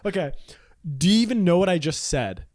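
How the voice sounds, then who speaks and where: High-pitched, giggly, teasing man. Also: sing-song, background noise. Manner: giggly, teasing, quick to laugh. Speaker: podcast co-host. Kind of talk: casual comedic chat.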